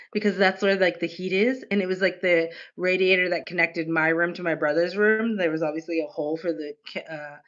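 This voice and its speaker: A woman streamer chatting casually on a livestream, gushing and animated, and she swears casually. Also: on the low side, lo-fi sound.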